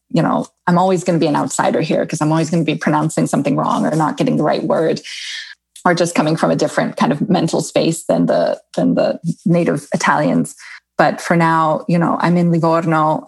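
Woman from the US, low voice, gravelly, husky, thoughtful casual chat. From United States. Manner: reflective, thoughtful, many small restarts. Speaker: guest, expat writer and tour guide.

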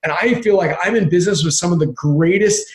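A man talking as an interview guest in casual chat, energetic and often repeating words as he thinks. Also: high-pitched, brisk, reverberant.

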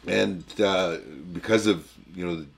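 An older man co-hosting a casual podcast, talking in a folksy, halting way with many restarts. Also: low-pitched, steady tone, creaky. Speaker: podcast co-host. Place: cabin.

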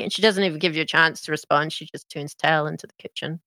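A woman's voice: sits low, quick pace, dry recording. Woman narrating as game master, dry sound. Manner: relaxed descriptive narration.

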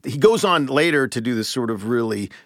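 A man's voice: mid-range voice, expressive, a little fast, fairly bright tone, no echo, studio quality. A man co-hosting a show, chatting fondly in a laid-back way with stumbling restarts. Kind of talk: casual chat.

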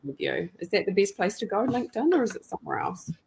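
A woman's voice: mid-range voice, sing-song, fast talker, gravelly, darkish tone, breathy edge. A woman hosting a podcast interview, chatting casually and effusively in long run-on bursts. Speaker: podcast and radio show host.

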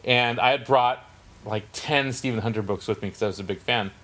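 A man's voice: mid-range voice, fairly quick, fairly bright tone. A middle-aged man, a novelist and podcast host, telling a self-deprecating anecdote in casual chat over a video call.

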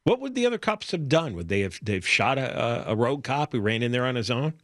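Radio co-host guy, sharp bright voice, super dry studio sound, keeps stammering when he's fed up. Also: medium pitch, big pitch swings, fast talker, dry recording. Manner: emphatic, exasperated opinions with stammered restarts. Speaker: radio talk show co-host. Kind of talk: talk radio discussion.

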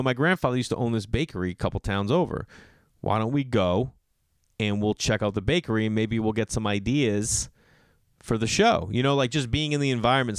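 A man telling a casual personal story, animated, slipping into the voices of the people he quotes. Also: lowish voice, clean tone, dry recording, studio quality.

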